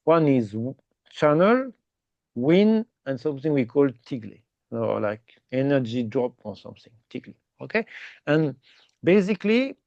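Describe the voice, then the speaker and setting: Male meditation teacher, slightly high and gravelly, dry muffled sound, patient non-native English. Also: a little mellow, dry recording. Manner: explains slowly and repeatedly, ending phrases with "okay?"; non-native English with simple grammar slips. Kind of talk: guided meditation instruction.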